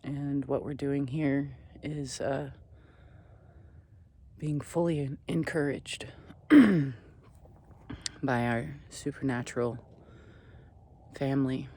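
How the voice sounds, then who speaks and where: A man talks outdoors at a desert campsite on a ridge, unhurried and earnest. His pitch sits in an ordinary middle range, and his delivery wanders gently and drops at times into soft near-whispers. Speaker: vlogger. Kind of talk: reflective spiritual vlog talk.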